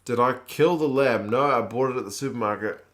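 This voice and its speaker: A New Zealand man in his thirties hosts a casual live stream, reading out viewer comments and chatting about them. His manner is wry, relaxed and conversational. His voice sits at an ordinary pitch for a man. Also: fairly quick. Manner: laid-back, wry, chatty.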